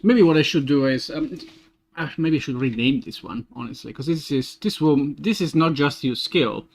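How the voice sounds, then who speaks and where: A man's voice: on the high side, gravelly. Man muttering through a coding problem. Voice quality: muttering to himself, halting restarts. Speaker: game developer streaming his work. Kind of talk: casual thinking-aloud dev stream.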